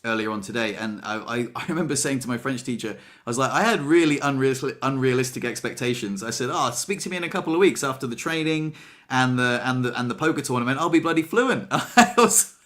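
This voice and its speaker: Chatty man co-hosting a relaxed podcast, self-mocking, stammers and restarts, quotes himself in lively bursts. His voice sits at an average pitch for a man, neither high nor low. He keeps the talk loose and conversational. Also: quick pace. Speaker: podcast co-host. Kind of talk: casual chat.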